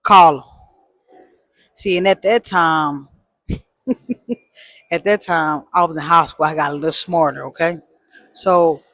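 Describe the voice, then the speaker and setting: A woman telling a personal story in a casual, animated way, with emphatic repeats and slang. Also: lowish voice, vocal fry, dry recording.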